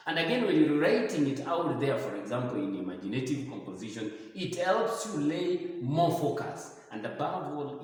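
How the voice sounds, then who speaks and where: A man with a Kenyan English accent teaching a grammar lesson, hesitant, with many fillers and slow, careful reading of example sentences. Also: mid-range voice. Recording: echoey room, voice from far off the mic.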